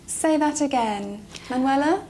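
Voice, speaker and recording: A middle-aged woman leads a class, her voice set fairly high. She speaks clearly and slows down to model phrases. A faint hum of the classroom sits behind her. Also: lively intonation, dark tone. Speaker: English teacher. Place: adult education classroom.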